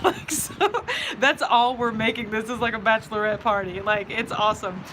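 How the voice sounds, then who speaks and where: A woman's voice: fairly high pitch, steady tone, brisk. Chatty young woman streaming from a street patio. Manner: chatty and giggly, greets viewers by name. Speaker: vlogger greeting live chat. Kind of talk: casual live-stream chat. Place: outdoor patio in a city neighborhood. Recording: noisy outdoor phone recording.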